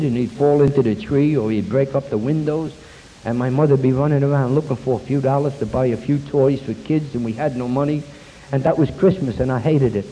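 An older New York man with a medium-pitched, dark-toned voice bluntly tells an audience his life story and his recovery from drinking. The lo-fi recording is hissy and echoes through a reverberant hall.

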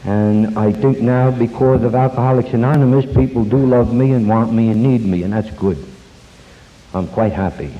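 An older man telling his life story at a recovery meeting, folksy and self-deprecating, pausing and restarting as he goes. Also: mid-range voice. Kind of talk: personal story talk with jokes. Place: meeting hall before an audience. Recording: dull lo-fi tape, long hall reverb.

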